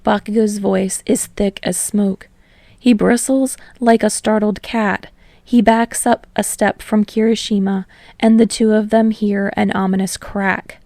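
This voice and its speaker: A woman narrating fan fiction aloud, steady and slowing on emotional passages. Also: medium pitch, no echo. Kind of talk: audiobook narration.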